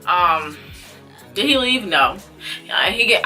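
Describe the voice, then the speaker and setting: Animated young woman telling a storytime. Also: lowish voice, unhurried, soft background music. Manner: animated, acts out dialogue, frequent fillers. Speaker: vlogger. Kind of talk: casual storytime. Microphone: camera mic.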